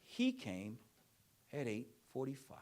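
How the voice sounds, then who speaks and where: Male keynote speaker, mid-pitched, animated storyteller who slips into character voices, emphatic and repetitive. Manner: animated storytelling, acts out parents and children in quick voices; emphatic, repetitive rhetorical phrasing. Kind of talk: keynote speech with audience Q&A.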